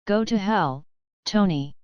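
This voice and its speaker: A woman's voice: medium pitch, lively intonation, takes it slowly, clean tone, no echo, muffled recording. A woman reading the lines of a ruthless, gloating villain businessman piloting a mech. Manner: gloating, sneering.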